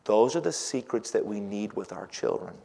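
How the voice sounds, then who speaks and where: A middle-aged man preaching a sermon, swinging from loud emphatic lines to hushed, near-whispered ones and quoting scripture in old-fashioned wording. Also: lowish voice, animated, moderate pace, gravelly, husky. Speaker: pastor. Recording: long hall reverb.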